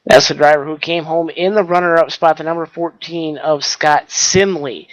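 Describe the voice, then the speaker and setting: A man commentating an online racing broadcast, folksy and measured. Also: fairly high pitch, steady tone, dry recording. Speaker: race commentator. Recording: dull, lo-fi dry mic.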